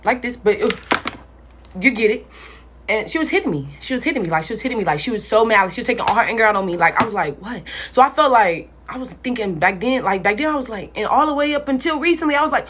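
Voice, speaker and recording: A woman's voice: on the high side, lively intonation, fast talker, noisy background. A young woman telling a personal story in a casual storytime vlog, blunt and profane, talking straight to her viewers.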